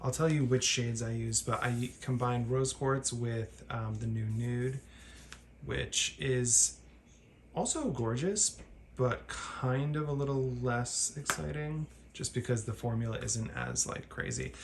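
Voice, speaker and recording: A man's voice: mid-range voice, lively intonation, measured pace, a little hiss or hum. A man talking casually through his makeup routine as a vlogger, rambling, correcting himself and laughing at his own slips. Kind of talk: casual chatty tutorial.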